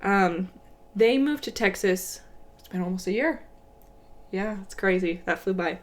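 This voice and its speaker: A woman's voice: medium pitch, unhurried. Chatty young woman co-hosting a podcast. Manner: relaxed, chatty, laughs easily. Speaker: podcast co-host. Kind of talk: casual chat.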